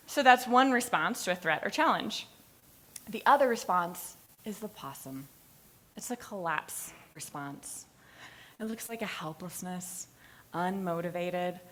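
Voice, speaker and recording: A woman giving a class presentation, telling stories with energy, acting out moments and laughing at herself. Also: on the low side. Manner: animated storytelling, acting out moments; laughs at her own stories. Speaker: student presenter. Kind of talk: lively capstone presentation.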